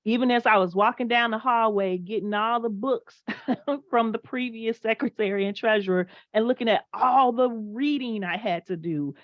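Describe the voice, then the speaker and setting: A woman's voice: medium pitch, no echo, highs cut off. A woman giving a motivational talk on a video call, speaking with emphasis and reading audience chat replies aloud.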